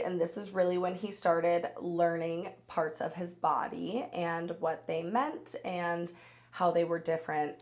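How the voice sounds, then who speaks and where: A woman in her thirties hosting a podcast, telling personal stories in an animated, chatty way and laughing as she goes. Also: on the low side. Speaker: podcast host. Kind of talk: solo storytelling podcast.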